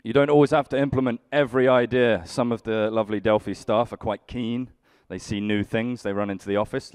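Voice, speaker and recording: A man's voice: mid-range voice, fairly even intonation, fairly quick, hardly any pauses, darkish tone, clean tone, no echo. A young man doing live stand-up comedy, grumpily bantering with the audience in a dry way. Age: young adult. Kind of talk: live stand-up with crowd work.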